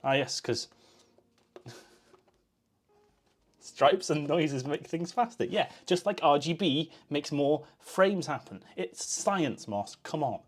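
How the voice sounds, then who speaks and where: A man's voice: a little high, lively intonation, slow pace, long pauses. A man chatting casually on a live stream, joking and answering chat while he makes coffee.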